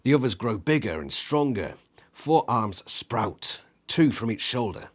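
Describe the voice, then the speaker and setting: A man reading an interactive gamebook aloud in an animated way, acting out the sound effects with his voice. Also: mid-range voice, unhurried. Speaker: reader.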